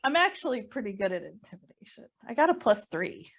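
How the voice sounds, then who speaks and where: A woman's voice: on the high side, big pitch swings, a little fast, vocal fry. Cheerful chatty woman player. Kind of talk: tabletop game play.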